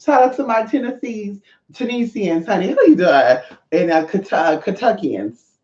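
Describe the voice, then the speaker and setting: Sassy guy in his 30s livestreaming, lots of pitch swings, roomy dull audio. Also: big pitch swings, moderate pace, darkish tone. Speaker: livestream host. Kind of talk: casual livestream chat.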